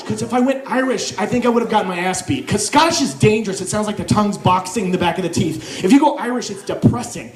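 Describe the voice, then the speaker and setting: Young male comic from Oklahoma, high voice, lively, mock voices between bits, crowd laughing in an echoey club. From Oklahoma, USA. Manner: animated, swings into mock accents and silly voices. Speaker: stand-up comedian. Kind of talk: stand-up comedy set. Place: comedy club stage with live audience. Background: audience laughing.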